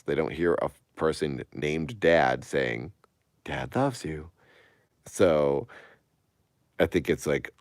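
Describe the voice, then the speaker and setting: Very deep, gravelly-voiced man in his thirties. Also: no echo, clean studio sound. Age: 30s. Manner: rambling, turns emphatic and incredulous. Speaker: streamer. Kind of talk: casual live-stream chat.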